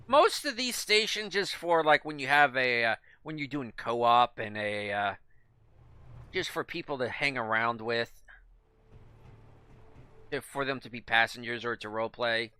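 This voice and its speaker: A man's voice: medium pitch, a little slow, long pauses, sharp tone, smooth, dry recording. A man giving casual gameplay commentary, thinking aloud and rambling with lots of fillers and restarts. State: speaking with his mouth full. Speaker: gaming video creator.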